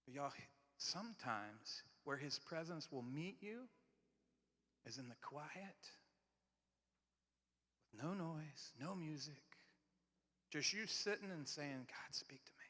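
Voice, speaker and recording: A male pastor with a high, bright voice delivers a conversational sermon, often repeating and restarting words. He moves between loud, emphatic lines and quiet, near-whispered ones. His voice echoes with the long reverb of a large church hall. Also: animated, slow pace, pauses often.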